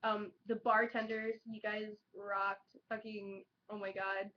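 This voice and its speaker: A young woman vlogging in casual chat, excitable and chatty, peppering her talk with "like" and swearing. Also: medium pitch, slow, a little hiss or hum. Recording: dull lo-fi webcam audio.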